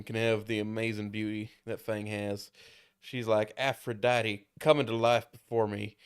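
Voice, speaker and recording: A man's voice: on the low side, smooth, natural voice. A man reading the part of a lovesick, awkward teenage boy, with flowery, overblown declarations. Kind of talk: reading a fan story aloud.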